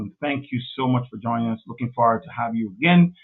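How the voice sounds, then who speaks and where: A man's voice: medium pitch, fast, husky. Guy hosting a livestream, gushing and repeating stuff, sounds thin like over a phone. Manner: effusive, repeats himself, says "man" often. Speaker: livestream host. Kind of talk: casual livestream chat. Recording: tinny phone-like audio.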